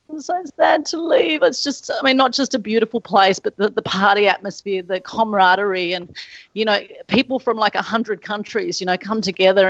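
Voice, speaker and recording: A woman's voice: mid-range voice, dull audio. A woman with an Australian accent hosting a podcast in a casual, effusive, chatty way. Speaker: podcast host. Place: holiday resort, remote call.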